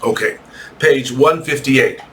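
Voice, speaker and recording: A man teaching an English lesson to young children, reading a textbook aloud slowly and correcting his own slips. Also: mid-range voice, fairly bright tone, slight background noise. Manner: slow, patient, reads text aloud and corrects himself.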